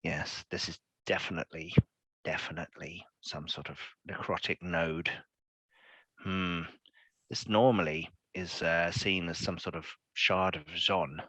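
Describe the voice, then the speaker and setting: A man's voice: low voice, steady tone, a little slow, pushed and bright, dry recording, pitched below the performer's own voice, heavily acted. A man voicing a grumpy, scrawny old male mage with curt, dismissive speech in a tabletop game. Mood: grave.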